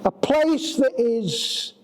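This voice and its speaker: A male preacher with an unusually high voice delivers his sermon in a church. He speaks at an unhurried pace and stretches his phrases for dramatic effect as he tells a story. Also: expressive, slight background noise, rough recording.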